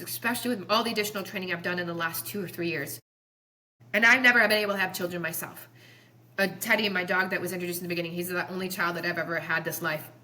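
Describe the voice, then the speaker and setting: Speaking at a fairly low pitch, her voice pushed and bright, a woman in her forties shares heartfelt stories as a podcast guest. She's a chiropractor, and she rambles with earnest passion.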